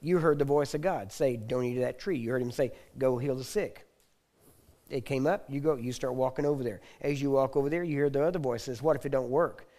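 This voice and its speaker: A man teaching a sermon, often checking in with his listeners and clearing his throat now and then. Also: medium pitch, a little fast, mellow. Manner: repetitive, asks the audience for agreement. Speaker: preacher.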